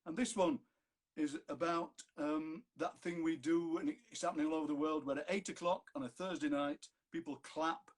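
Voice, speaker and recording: A Yorkshire man with a husky, somewhat raised voice, joking between poems and then reading them aloud. He is heard through a video call. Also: fairly high pitch, fairly even intonation, moderate pace. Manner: chatty, jokey, reads verse aloud. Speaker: poet reading at an online fundraiser. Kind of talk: poetry reading with chat.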